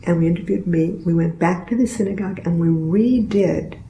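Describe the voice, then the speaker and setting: A woman's voice: lowish voice, a little fast, mellow, a little hiss or hum. An older woman telling a personal story in an earnest, reflective, plainspoken way. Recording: roomy echo.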